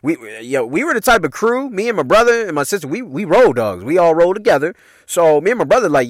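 Profane, animated man telling stories. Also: on the high side, quick pace, dry recording, clean studio sound. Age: adult parent. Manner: profane, animated, loose street slang. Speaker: podcast host. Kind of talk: casual storytelling.

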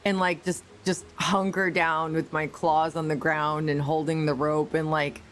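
A woman's voice: deep voice, level tone, a little slow, slight background noise. A woman playing a tabletop game, describing her character's actions casually with many fillers. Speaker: player.

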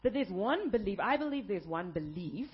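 A woman pastor delivering an emphatic sermon, building up to shouted peaks. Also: medium pitch, very animated, moderate pace, lo-fi sound.

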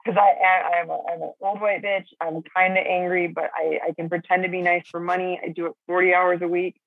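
A woman's voice: fairly low pitch, level tone, a little fast, gravelly, no room sound. A middle-aged woman chatting casually as a caller, swearing and rambling with lots of fillers. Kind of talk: casual chat. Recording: phone line.

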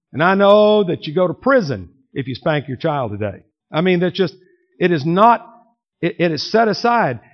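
An older man preaching a sermon to his congregation, telling family stories in a folksy way and teasing people in the pews. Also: a little high. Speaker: pastor. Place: church sanctuary. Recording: muffled lo-fi church recording.

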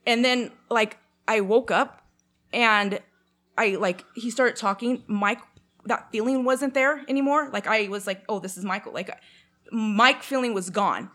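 With an unhurried pace and a voice on the high side, a young woman from Canada recounts a long personal story in casual chat. She's animated, uses many fillers, and plays out quotes.

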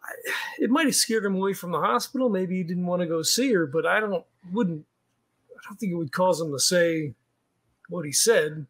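Male player, high voice, hesitant, thinks aloud. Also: moderate pace, fairly bright tone. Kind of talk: tabletop game chat.

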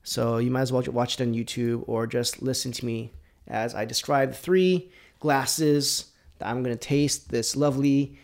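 A man with a gravelly, creaky voice hosts his own podcast and talks casually through a whiskey tasting. He rambles, corrects himself mid-sentence and slips into quiet, muttered asides between louder lines. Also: mid-range voice, fairly even intonation, normal speed. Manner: drops to near-whispers between louder bursts. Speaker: podcast host.

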